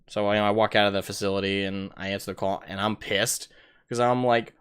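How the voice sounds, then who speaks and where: Man, podcast co-host, smooth and clear; profane, animated storyteller. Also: lowish voice, fairly quick. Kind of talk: casual chat.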